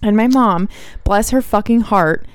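A woman's voice: medium pitch, a little slow, clear, resonant tone, dry recording, studio quality. A woman co-hosting a podcast, chatting casually in a wry, teasing way, in a small room. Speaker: podcast co-host. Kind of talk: casual chat.

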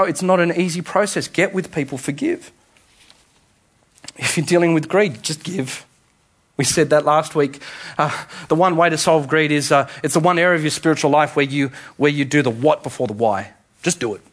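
Man preaching in a high voice. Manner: conversational preaching, rising to emphatic repetition. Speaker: pastor. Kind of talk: sermon.

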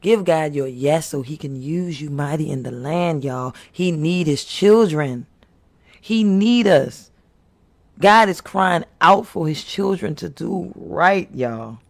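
A man's voice: on the high side, lively intonation, takes it slowly, vocal fry. A man preaching to his viewers with impassioned, earnest exhortation, pleading and repeating himself. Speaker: faith speaker.

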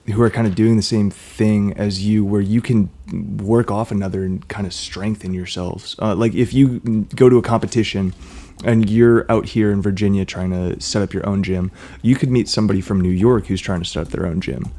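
A man's voice: lowish voice, fairly even intonation, normal speed, warm tone. A man co-hosting a casual podcast, asking rambling questions and laughing often. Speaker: podcast co-host.

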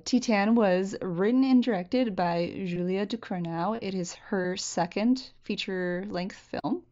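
A woman's voice: mid-range voice, mellow, muffled recording. A woman co-hosting a film podcast, chatting casually with many fillers and reading from notes. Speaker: podcast co-host.

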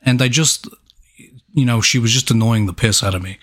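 A man's voice: medium pitch, brisk, fairly bright tone. A man co-hosting a podcast who banters in a teasing, profane way. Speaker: podcast co-host. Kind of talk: casual banter.

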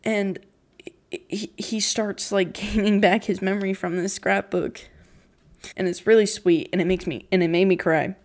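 A woman's voice: medium pitch, steady tone, moderate pace. A teenage girl hosting a casual solo podcast, recapping a cartoon in a rambling way full of "like", emotional and with a voice quaking on the verge of tears. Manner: emotional, near tears, giggly, rambling with many "like"s. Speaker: podcast host.

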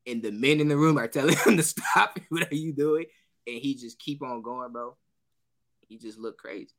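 A man's voice: mid-range voice, moderate pace. A man co-hosting a casual podcast, telling a story with acted-out quotes and frequent laughter. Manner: animated storytelling, acts out quotes, laughs often. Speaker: podcast co-host.

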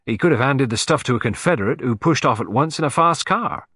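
A man voicing a frustrated police inspector who speaks briskly and insistently. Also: medium pitch, animated, bright, forceful tone, breathy edge, no room sound.

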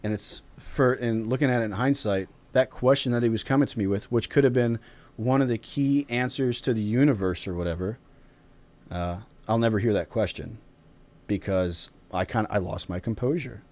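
A man's voice: fairly low pitch, moderate pace, a little mellow. A man hosting a round-table talk, telling reflective stories about his young son. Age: father of a young child. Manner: storytelling, reflective. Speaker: podcast host.

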